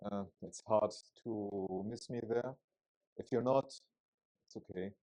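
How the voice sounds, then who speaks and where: A man's voice: on the low side, slow, mellow, low-quality recording. Man, German accent, conference speaker, chatty, joking, frequent restarts. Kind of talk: technical conference talk.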